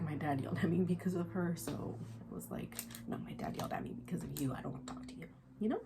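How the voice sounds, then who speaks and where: A woman's voice: lowish voice, gravelly, noisy background. A young woman vlogger telling a personal story casually, rambling and candid with many fillers, sometimes dropping into a whisper. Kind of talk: casual storytime while getting ready.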